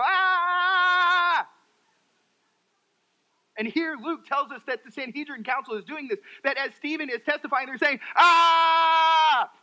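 A man preaching a sermon, dramatic, swinging from loud outbursts to hushed, quiet phrases. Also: high voice, muffled recording.

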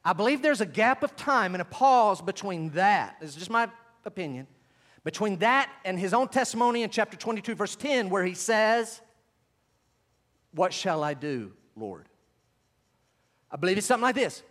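A male pastor preaching a sermon, moving between quiet asides and loud, emphatic stretches. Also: high-pitched, lively intonation, a little fast, big-room sound.

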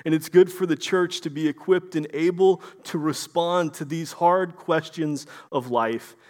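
A male preacher delivers a sermon in an earnest, conversational manner. His voice sits high for a man. He often stumbles into repeated words as he speaks. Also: measured pace, darkish tone.

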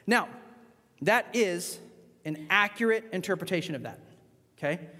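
Male preacher, high voice, emphatic sermon delivery, loud peaks and hushed asides, long hall reverb. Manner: emphatic, swings between loud rising points and quiet asides. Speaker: pastor.

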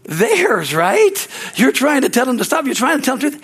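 A man preaching a sermon, fervent, often breaking in with hallelujah and amen, moving between loud rises and quiet low asides. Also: wildly swooping pitch, moderate pace, breathy edge. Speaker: pastor.

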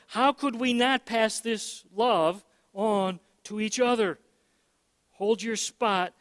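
A man's voice: sits high, slow, fairly bright tone, no echo, in a large hall. A man preaching a sermon as pastor, emphatic, often repeating words and using fillers.

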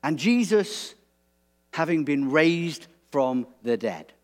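A man preaching a sermon in a relaxed, conversational way, animated and prone to restarts. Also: a little high, slow.

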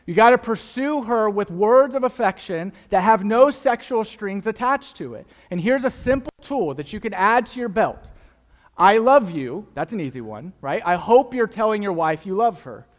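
Earnest young preacher in a reverberant hall. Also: male voice, sits high, animated, normal speed, few pauses. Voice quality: earnest, emphatic, repeats key phrases for effect. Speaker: pastor. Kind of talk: sermon.

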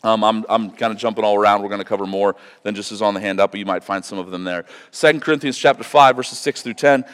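A man's voice: on the low side, quick pace, hardly any pauses. Man preaching with long hall echo. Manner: preaching, rising to loud emphatic scripture reading. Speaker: pastor. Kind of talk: sermon. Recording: long reverb of a large hall.

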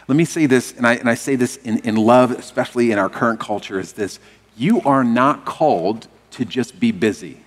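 A man preaching a sermon as pastor, animated and leading the congregation in call and response. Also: mid-range voice, a little fast, in a large hall.

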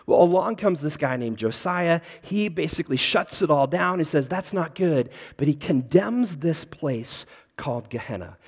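A man preaching a sermon as pastor, conversational and animated, talking directly to his congregation. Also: on the high side, normal speed, husky. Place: large hall with congregation. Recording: reverberant hall.

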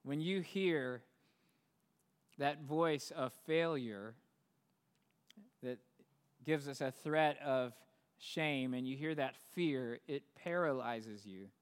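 A man's voice: medium pitch, slow pace, long pauses, smooth. A man preaching a sermon as pastor, talking conversationally and building to emphatic peaks. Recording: long hall reverb.

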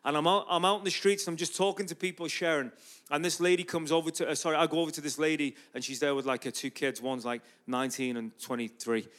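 A man's voice: fairly high pitch, quick pace. A man from Ireland, preaching in a church and telling a story with lots of acted-out dialogue. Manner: animated storyteller who acts out dialogue. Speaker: guest preacher and street evangelist. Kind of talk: storytelling sermon.

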